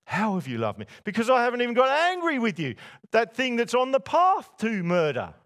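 A man's voice: very high-pitched, huge pitch swings, a little fast, fairly bright tone. A man preaching a sermon to a church congregation, putting rhetorical questions to his listeners. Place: church before a masked congregation.

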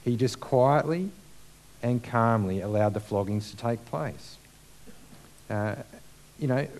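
Male preacher, mid-pitched voice, casual sermon, rhetorical questions, lots of uh fillers. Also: darkish tone.

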